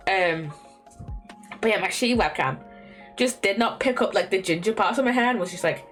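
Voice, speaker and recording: Speaking briskly in a medium pitch with a fairly bright tone, a young adult woman chats casually on a stream from her bedroom. She rambles, using lots of fillers, restarting sentences and laughing lightly, with faint lo-fi music in the background.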